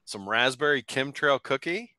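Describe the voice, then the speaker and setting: A man's voice: medium pitch, lively intonation, normal speed, bright, forceful tone, a little hiss or hum. A laid-back man chatting easily as a panel guest. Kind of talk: casual panel chat. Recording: crowd murmur in the room.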